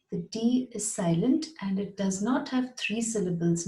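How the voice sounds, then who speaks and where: Woman, English pronunciation teacher, slow and patient, mellow tone, roomy echo. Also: medium pitch, animated. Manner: patient, repeats words slowly and clearly. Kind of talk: slow, deliberate pronunciation lesson.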